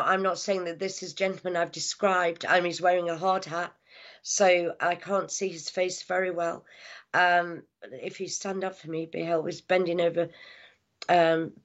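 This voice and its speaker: A woman working as a psychic medium, giving a live reading with halting speech, lots of fillers, hushed asides and affectionate words like darling. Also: lowish voice. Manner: affectionate, calls people darling and my lovely. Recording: dull lo-fi sound.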